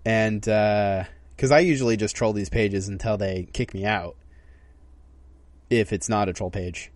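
A man's voice: lowish voice, fairly even intonation, measured pace, dry recording. A young man co-hosting a podcast in casual chat, telling stories in a rambling way and often restarting his sentences. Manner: rambling, self-interrupting storyteller. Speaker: podcast co-host.

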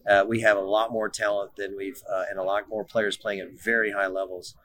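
Middle-aged male guest, bright voice, somewhat low pitch, animated storyteller in a casual interview. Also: a little fast, dry recording. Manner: animated, repeats words when starting sentences. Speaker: guest, former pro soccer player.

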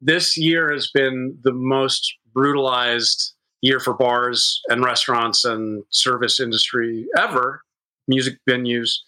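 A man in his fifties, a guest who runs bars, telling stories in a lively, casual way, swearing freely and acting out what people said. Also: mid-range voice, slow, poor audio. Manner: animated, swears freely, acts out quotes. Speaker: guest, bar owner. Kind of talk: casual storytelling chat.

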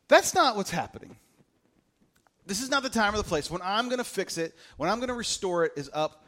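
Speaking fast in a voice that sits high, the pastor delivers his sermon in a loose, joking style. He is animated and funny, voicing the characters as the story unfolds for the congregation.

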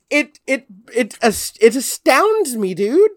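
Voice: sits high, very animated, measured pace, hardly any pauses, dry recording, clean studio sound. A podcast guest telling a long story in casual chat, rambling, swearing freely and leaning on "like", acting out what other people said.

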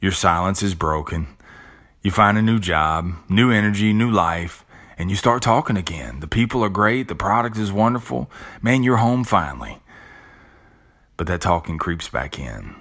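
A man's voice: sits low, animated, moderate pace, fairly bright tone. A middle-aged man hosting a podcast, giving a casual motivational monologue, talking conversationally with frequent restarts and blunt, earthy asides. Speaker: podcast host.

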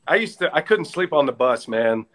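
Guy telling stories on a talk show, high voice swooping all over, laughs a lot. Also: normal speed, rough recording. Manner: animated, laughs through stories, acts out quotes in a high voice. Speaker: guest, former baseball broadcaster. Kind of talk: casual storytelling chat.

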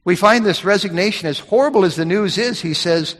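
A man's voice: sits high, brisk, hardly any pauses, fairly bright tone. A middle-aged man preaching a sermon as a pastor, telling stories in a folksy way with frequent restarts. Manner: folksy storytelling with repeated restarts. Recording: long hall reverb.

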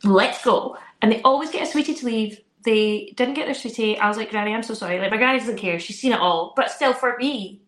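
A young woman, a podcast co-host, telling a story in animated, casual chat and acting out her children's voices. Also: on the high side, a little fast, hardly any pauses. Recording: roomy echo.

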